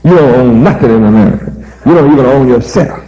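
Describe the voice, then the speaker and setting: A man's voice: mid-range voice, fast, muffled recording. A man preaching a sermon, emphatic and repetitive, firing rhetorical questions at his listeners.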